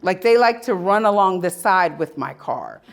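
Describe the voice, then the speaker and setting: A woman giving a live talk at an expo, telling personal stories with emphatic, dramatic pauses. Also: lowish voice, lively intonation, creaky. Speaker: speaker at a spirituality expo. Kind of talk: live storytelling talk to an audience.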